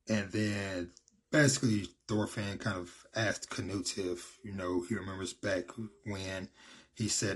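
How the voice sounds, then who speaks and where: A man's voice: sits low, steady tone, measured pace, husky. A man casually recapping a story, rambling with lots of fillers. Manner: rambling, many fillers like "you know" and "basically". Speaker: manga recap vlogger.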